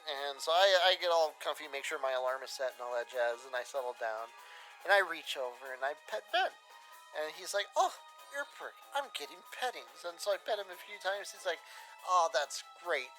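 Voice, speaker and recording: A man's voice: on the high side, a little fast, pushed and bright, soft background music, low-quality recording. A man chatting casually and laughing often while streaming a game. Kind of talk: casual gaming stream chat.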